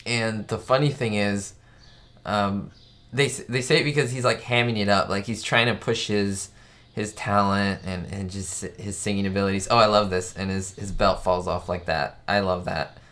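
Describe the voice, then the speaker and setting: A man's voice: lowish voice, fairly even intonation, moderate pace, a bit bright. A man hosting a live stream, chatting enthusiastically in a casual way and reading out viewer questions.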